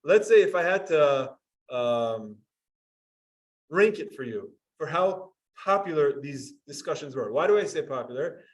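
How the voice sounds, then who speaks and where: High-voiced man teaching a class. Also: expressive, measured pace, recorded from a distance, poor audio. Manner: explanatory, asks students questions. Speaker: Talmud teacher. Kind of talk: classroom Talmud lesson.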